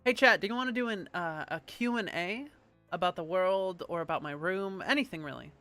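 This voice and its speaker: Woman streamer, casual rambling chat, crisp bright tone, faint music underneath. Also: lowish voice, brisk, no room sound. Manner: chatty, rambling, casual swearing.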